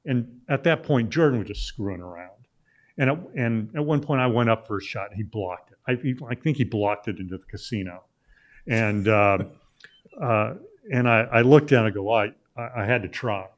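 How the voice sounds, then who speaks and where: A man's voice: medium pitch, normal speed. A middle-aged man from Illinois, a sports journalist guesting on a talk show, telling a long story casually with lots of "uh" fillers and restarts. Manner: rambling anecdote with many "uh" fillers and restarts.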